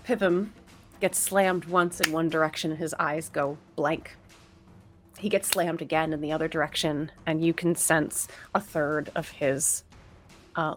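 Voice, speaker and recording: A woman's voice: low voice, a bit bright. A woman running a tabletop game as game master, narrating the action with frequent restarts. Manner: descriptive, halting narration with restarts.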